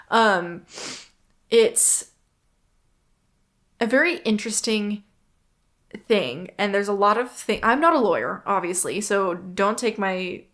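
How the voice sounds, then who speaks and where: A young woman with a light twang talks through her solo podcast episode. She rambles in a friendly, chatty way and keeps backing up to correct herself mid-sentence. Her voice sits at an ordinary middle pitch for a woman. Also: fairly bright tone. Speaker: podcast host. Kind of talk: casual solo podcast chat.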